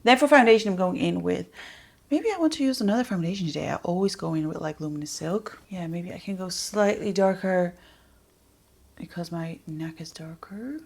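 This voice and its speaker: A woman with a fairly low, gravelly voice talks casually through a makeup tutorial. She rambles and drifts into soft muttered asides. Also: brisk. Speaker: beauty vlogger.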